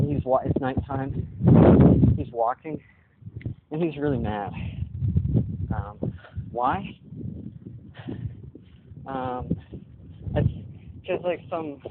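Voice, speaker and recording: A man's voice: medium pitch, very noisy. Rambling young man on tinny phone audio. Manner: meandering, thinks aloud with many fillers. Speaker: vlogger. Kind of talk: rambling walking vlog. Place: outdoors walking along a street.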